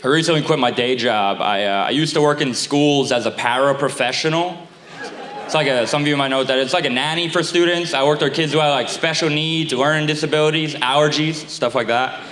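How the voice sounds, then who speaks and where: A man's voice: a little high, brisk, a bit bright. A young man from Staten Island with a slight lisp, performing a self-deprecating stand-up comedy set with casual asides to the crowd. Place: theater stage before a live audience. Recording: roomy live theater sound.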